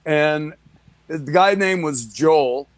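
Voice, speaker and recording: Male guest, lively anecdote-teller, slightly raised pitch, dry and close. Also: extremely slow, no echo. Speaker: guest musician. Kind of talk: casual chat, storytelling.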